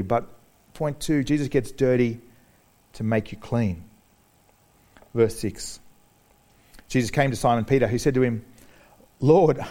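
A man preaching a sermon, animated, joking with the congregation and acting out the people he quotes. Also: medium pitch. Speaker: pastor.

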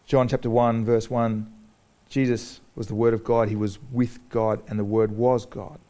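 A man preaching a sermon, animated, joking with the congregation and acting out the people he quotes. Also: mid-range voice, normal speed. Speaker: pastor.

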